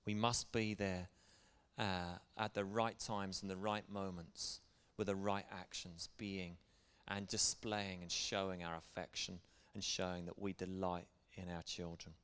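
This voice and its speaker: A man's voice: low voice, flat delivery, a little slow, fairly bright tone, smooth. A middle-aged man preaching a sermon as pastor, speaking in an earnest, conversational way. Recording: long hall reverb.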